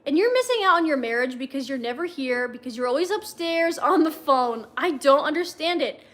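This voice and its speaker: A woman's voice: high-pitched, lively intonation, fairly quick, a bit bright. A woman reading as a blunt scolding young nanny. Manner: earnest, scolding.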